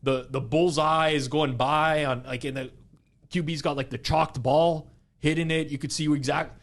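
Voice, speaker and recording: Animated, rambling man on a podcast. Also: on the high side, moderate pace. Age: young adult. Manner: animated, rambling, heavy use of "like". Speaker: podcast co-host. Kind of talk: casual chat.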